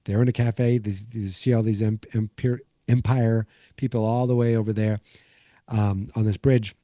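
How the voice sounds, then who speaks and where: A man with a low, very dark and mellow voice talks through an episode recap as a podcast host. He rambles, with plenty of "um"s and restarts. The sound is dry and close, with no room echo. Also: level tone, moderate pace. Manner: rambling, many fillers and restarts.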